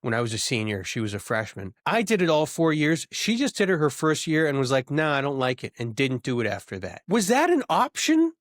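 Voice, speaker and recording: A man's voice: fairly quick, few pauses, no echo. Young guy cohosting a podcast, goofy rants, voice jumps up when he's fired up, dead dry mic. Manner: animated, jokey, rants with rising pitch. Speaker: podcast co-host. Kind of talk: casual banter.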